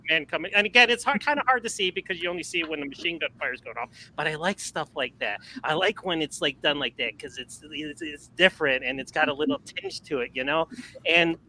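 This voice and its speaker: Male guest, casual movie chat, very bright slightly high voice, rambling and animated. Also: fast talker, a little hiss or hum, low-quality recording. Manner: rambling, animated, many fillers and restarts. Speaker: podcast guest.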